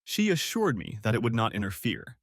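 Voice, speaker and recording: A man's voice: mid-range voice, very animated, a little fast, no room sound, studio quality. A man narrating a first-person story as an audiobook, telling it expressively.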